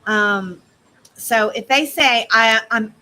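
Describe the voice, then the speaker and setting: A woman business coach teaching in a casual, animated way, speaking straight to her listeners. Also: on the high side, slow, rough recording.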